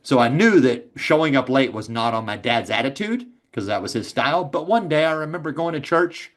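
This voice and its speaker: A man with a Texas accent talks casually as a podcast guest. His delivery is laid-back and anecdotal, with easy swearing. His voice sits at an ordinary middle pitch. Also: lively intonation, fairly quick. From Texas, USA. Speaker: insurance agency owner, guest.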